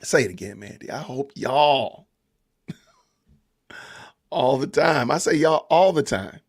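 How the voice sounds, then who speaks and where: A man's voice: mid-range voice, animated, slow, creaky, slightly rough. A man with a Southern Georgia accent hosting a casual livestream podcast, chatting loosely with viewers and greeting the chat. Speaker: podcast host.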